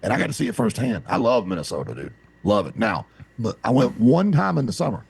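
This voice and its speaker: With a mid-range, creaky voice edged with breath, a podcast co-host from the American South talks fast. He's an animated storyteller who rambles through long tales in casual chat, captured in a dry recording.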